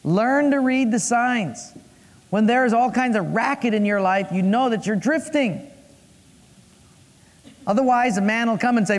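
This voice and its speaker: A male preacher with a notably high voice delivers a sermon with a playful streak, slipping into character voices and puns. His words ring out with the long echo of a large hall. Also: unhurried, pauses often. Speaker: pastor.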